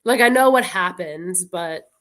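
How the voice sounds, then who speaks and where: A woman's voice: on the low side, lively intonation, fairly bright tone. Chatty earnest woman co-host. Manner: earnest and chatty, quick to laugh. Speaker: guest co-host. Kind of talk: casual chat.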